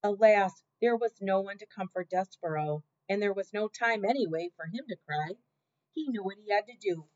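A woman narrates a storybook chapter with a lively, expressive voice that rises and falls. Her reading is dramatic and attentive to each character. The audio sounds dull and lo-fi. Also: medium pitch.

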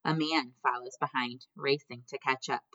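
A woman reads a storybook aloud in a low voice with a bright edge. Her delivery is measured and gently expressive, and the recording sounds slightly muffled. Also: no echo. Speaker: audiobook narrator. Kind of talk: scripted narration.

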